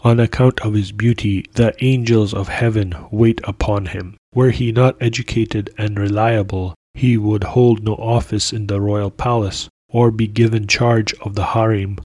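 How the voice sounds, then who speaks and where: A man narrating a classic tale aloud in a steady, measured storytelling manner. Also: fairly low pitch, no echo. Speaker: podcast narrator.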